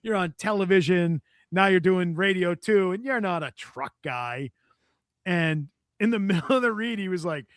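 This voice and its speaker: High-voiced man telling a lively story. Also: moderate pace, no echo, clean studio sound. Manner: animated storyteller, laughs often, acts out quotes. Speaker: podcast guest. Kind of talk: casual storytelling chat.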